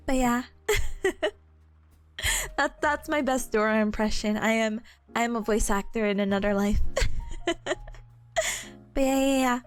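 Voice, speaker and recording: A woman's voice: a little high, moderate pace, long pauses, faint music behind. A young woman streamer chatting casually with her viewers, giggling often and slipping into playful silly voices. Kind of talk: casual live-stream chat.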